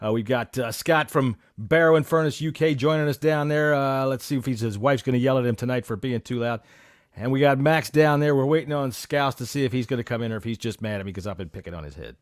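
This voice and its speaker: A man's voice: medium pitch, fast, dry recording, studio quality. A man hosting a casual sports podcast, joking, teasing and swearing. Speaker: podcast host.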